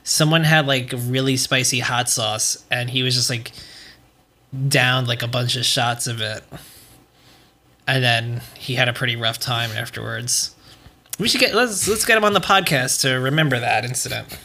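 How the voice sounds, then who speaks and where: A young man hosting a podcast in loose, rambling chat, swearing freely as he goes. His voice is bright and forward, pitched in a middle range. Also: normal speed. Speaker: podcast host. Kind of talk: casual chat.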